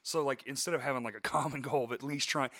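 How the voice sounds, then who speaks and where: Laid-back man with a bright voice. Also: medium pitch, fairly even intonation, no echo, clean studio sound. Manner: laid-back and profane, quick to laugh. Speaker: musician and former security guard. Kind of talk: casual podcast chat.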